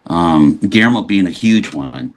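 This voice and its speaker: A man from Los Angeles, speaking as a guest on an interview show. His voice sits fairly low, and he tells stories with lively energy, often stopping and restarting mid-sentence. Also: measured pace. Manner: animated storyteller, frequent restarts. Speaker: guest actor. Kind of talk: casual interview chat.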